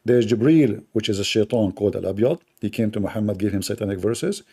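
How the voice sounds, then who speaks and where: Man, livestream host, sarcastic, gravelly, mellow tone. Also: on the low side, quick pace. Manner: sarcastic, mocking. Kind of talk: livestream chat monologue.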